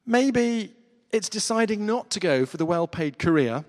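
A man's voice: sits high, animated, moderate pace. A man preaching a sermon in an earnest, conversational way, with fillers, in a church hall.

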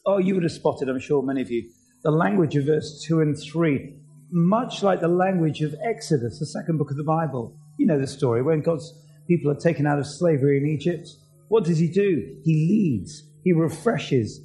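A man's voice: on the high side, normal speed, warm tone, soft background music, rough recording. A man preaching a sermon, earnest and asking his listeners many questions.

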